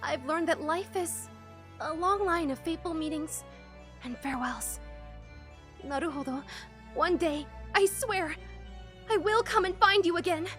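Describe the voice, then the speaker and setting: A woman reading a gentle young woman's farewell lines from a game, soft, slow and tender. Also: very high-pitched, faint music behind, pitched above the performer's own voice. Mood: wistful.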